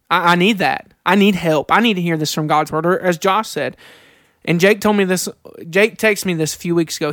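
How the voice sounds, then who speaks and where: A high-pitched man talks earnestly on a faith podcast, sharing candid stories and slowing down to read scripture aloud. The sound is close and dry, with no room around it. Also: a bit bright, no echo. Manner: earnest, reads scripture slowly, confessional storytelling. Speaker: podcast co-host.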